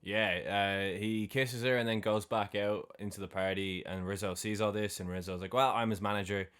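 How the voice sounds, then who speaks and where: A man's voice: on the low side, steady tone, moderate pace, a bit bright, smooth. A man co-hosting a film podcast, casually recapping scenes and acting out the characters' lines.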